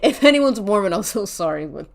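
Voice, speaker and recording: A woman's voice: medium pitch, sing-song, fairly quick, vocal fry. A woman streaming while she draws, chatting casually, rambling and thinking aloud, with casual swearing. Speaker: art streamer.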